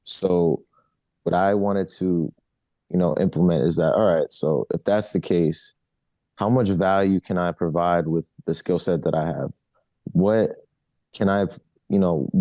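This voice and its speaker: Deep, mellow-voiced man, casual guest. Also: unhurried, no echo. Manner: relaxed, repeats "you know" and restarts often. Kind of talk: casual interview answers.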